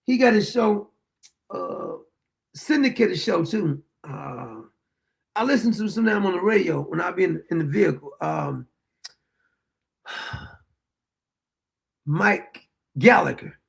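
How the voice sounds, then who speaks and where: Male show host, high voice with heavy fry, blunt and combative commentary, rhetorical jabs. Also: animated, slow pace, pauses often. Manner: dry chuckles between points. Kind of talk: opinion commentary monologue.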